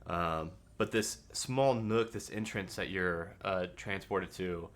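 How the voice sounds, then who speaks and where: Low-voiced man running a tabletop game. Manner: halting narration with many fillers. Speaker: game master.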